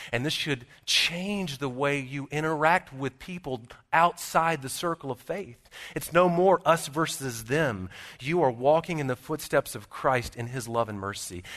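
A man preaching a sermon as a pastor, telling a story in an earnest way, moving from loud, lively passages to hushed, quiet ones. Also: mid-range voice, big-room sound. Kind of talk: chapel sermon.

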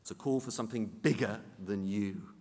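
Emphatic preacher, low voice in hall. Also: male voice, moderate pace, dark tone. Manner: emphatic, rising to fervent intensity. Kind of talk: sermon. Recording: long hall reverb.

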